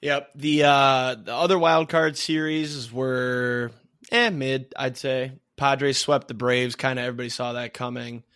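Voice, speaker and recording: A man co-hosts a sports podcast with a relaxed, teasing manner. His voice sits at an ordinary middle pitch, and he keeps things easygoing as he talks. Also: a little slow, clean tone. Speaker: podcast co-host. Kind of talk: casual sports chat.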